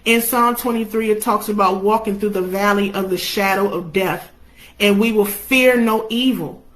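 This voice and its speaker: A woman's voice: medium pitch, steady tone, normal speed, fairly bright tone, poor audio. A young adult woman preaching a sermon, impassioned, her delivery rising and falling with emotion.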